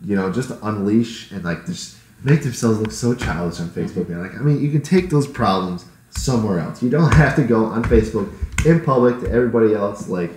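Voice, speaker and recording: A young man with a lower voice chats with friends in a relaxed, wry way. He sounds like he is in an echoey room, with faint noise behind him. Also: brisk. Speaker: podcast co-host. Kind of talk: casual chat among friends.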